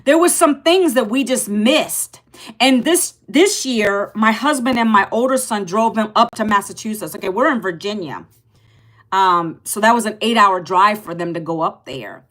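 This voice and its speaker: A woman in her fifties hosting a casual livestream, loud and passionate, rambling and emphatic as she repeats herself. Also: medium pitch, lively intonation, normal speed. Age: 50s. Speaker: livestream host.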